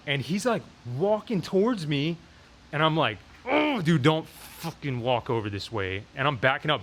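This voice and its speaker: A young adult man with a medium-pitched voice vlogs a storytime through a lapel mic clipped to his shirt. He retells a tense encounter animatedly, with lots of fillers like "like" and "dude."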